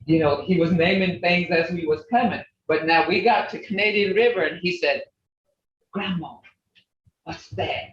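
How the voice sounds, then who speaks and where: A woman's voice: fairly low pitch, fairly even intonation, fairly quick, few pauses, far from the mic, slight background noise. An older woman grandmother leading an online language class, drilling syllables and laughing often. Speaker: language teacher. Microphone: video call. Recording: dull roomy video call audio.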